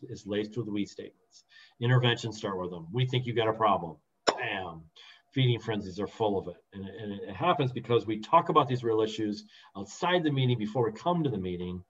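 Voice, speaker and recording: A man's voice: fairly low pitch, slight background noise. A middle-aged man coaching on teamwork in a conversational, earnest way, with emphatic rises and frequent restarts. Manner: earnest, animated with emphatic rises, repeats words when restarting. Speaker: team coach. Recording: dull lo-fi sound.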